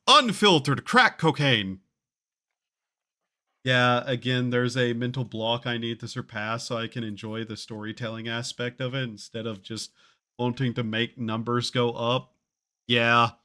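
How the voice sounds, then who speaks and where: A man's voice: mid-range voice, level tone, normal speed, bright, forceful tone, clean tone. A man streaming a game, chatting casually in a rambling, wry and self-mocking way, with offhand swearing. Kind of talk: casual live-stream chatter while gaming.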